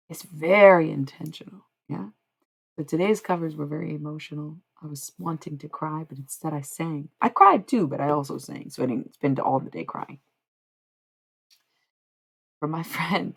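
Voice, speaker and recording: A woman's voice: low-pitched, normal speed, vocal fry, slightly rough. A woman hosting a casual livestream who rambles, swears freely and trails off into filler sounds like "blah, blah.". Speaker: livestream host.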